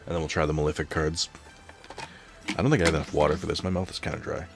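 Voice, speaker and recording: A man's voice: a bass voice, fairly even intonation, quick pace, vocal fry, over music. A man thinking aloud while he plays a card game at home, rambling and reading out card text in casual commentary. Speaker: let's play host. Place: home apartment.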